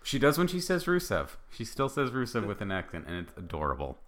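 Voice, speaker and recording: A man from the United States co-hosting a casual chat, blunt and animated, sometimes jumping into high exclamations. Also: quick pace, slight background noise. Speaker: podcast co-host.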